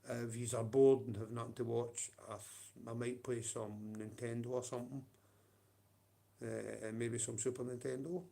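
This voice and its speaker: A man's voice: medium pitch, level tone, normal speed, creaky, dark tone. A man with a Scottish accent ranting on a livestream, profane and confrontational, with blunt taunts.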